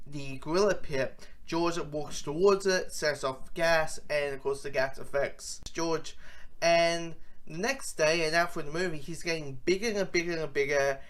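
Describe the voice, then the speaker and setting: Movie reviewer, casual talk, rambling, enthusiastic, lots of restarts, mid pitch. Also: unhurried, fairly bright tone. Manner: rambling, with many fillers and restarts.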